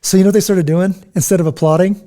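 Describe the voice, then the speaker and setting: A man's voice: high-pitched, steady tone, fast talker, mellow. A man co-hosting a podcast in casual chat, telling stories animatedly, mimicking people and laughing often. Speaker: podcast co-host.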